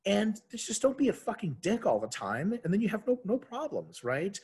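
A man talking as a podcast guest in casual chat, animated and jokey, with lots of profanity. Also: high voice, moderate pace, husky.

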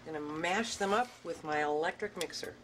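Low-voiced woman hosting a cooking show. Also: a little fast, very noisy. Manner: deadpan, tongue-in-cheek. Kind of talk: mock-dramatic romance narration and cooking demonstration. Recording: distant mic with music behind.

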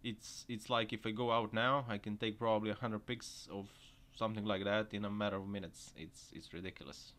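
A man's voice: fairly low pitch, steady tone, brisk, hardly any pauses, fairly bright tone. A man doing joking reaction commentary on driving clips, laughing often between remarks. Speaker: video commentator. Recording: noisy recording.

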